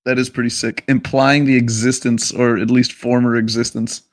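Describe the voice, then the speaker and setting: Guy on a podcast, normal pitch, dead dry mic, swears a lot and jokes real deadpan. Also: normal speed, no room sound. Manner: crude, deadpan joking, swears often. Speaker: podcast co-host. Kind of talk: casual chat.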